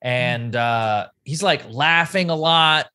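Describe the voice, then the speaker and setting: A man's voice: fairly high pitch, slow pace, bright, forceful tone, clear, resonant tone. A man co-hosting a podcast, retelling a story casually and quoting each person's lines as he goes. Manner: conversational, quotes people in a play-by-play retelling. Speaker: podcast co-host.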